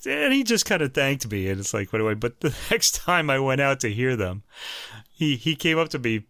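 A man co-hosting a casual podcast, a chatty storyteller who gets animated when quoting people. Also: mid-range voice, normal speed, dry recording, clean studio sound. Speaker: podcast co-host.

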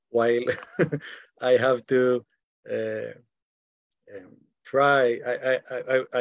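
A man with an Israeli accent teaching an online class, halting and repeating words as he searches for English phrasing. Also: mid-range voice, dry recording, highs cut off. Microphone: video call.

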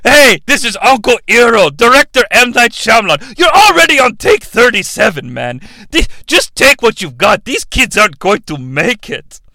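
A man voicing a mocking older uncle figure in a loud, drawn-out voice. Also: very high voice, very animated, vocal fry, no room sound, voice pushed up, full character voice. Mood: exasperated.

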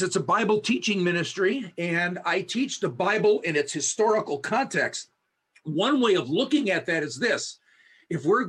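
A man with a fairly high, husky voice teaches a Bible study over a video call. He speaks in an earnest, measured way, with brisk stretches between slower recitations. His sound comes from a camera mic at home. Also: fairly bright tone. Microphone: high definition video camera.

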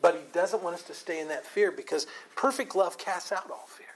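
A man teaching an informal Bible study. He is animated, often repeats and restarts words, and laughs a lot. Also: high-pitched, fairly quick, rough recording.

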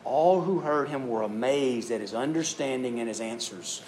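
A man preaching to a youth group, telling stories and acting out voices with animated delivery. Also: mid-range voice, moderate pace, a little hiss or hum. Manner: animated storytelling, acts out voices. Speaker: youth speaker. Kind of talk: youth sermon.

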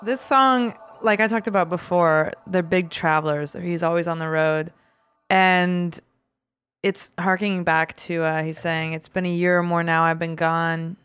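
A woman co-hosting a podcast in casual chat, laughing often and filling pauses with ums. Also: deep voice, fairly bright tone, clear, resonant tone, no room sound. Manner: chatty, laughs often, many fillers. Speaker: podcast co-host.

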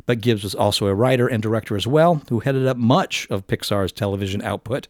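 A man's voice: fairly low pitch, fairly quick, no echo, studio quality. A man hosting a casual podcast, chatting animatedly about fandom and reading out entertainment news, often restarting phrases. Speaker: podcast host. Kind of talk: casual chat and news read-out.

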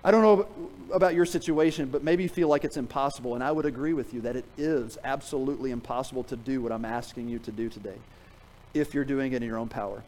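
A middle-aged man preaching a sermon in a church, telling a story with humor, then dropping to a quiet, earnest tone to drive a point home. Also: mid-range voice, fast, slight background noise, low-quality recording. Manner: animated storytelling, jokes with the congregation; drops to a quiet, earnest tone for emphasis. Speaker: pastor. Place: church sanctuary.

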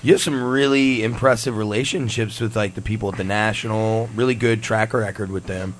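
A man's voice: on the low side, steady tone, fairly quick, a little hiss or hum. A man hosting a podcast in casual chat, laid-back and joking, with lots of fillers. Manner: laid-back, laughs often, rambling fillers. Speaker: podcast host.

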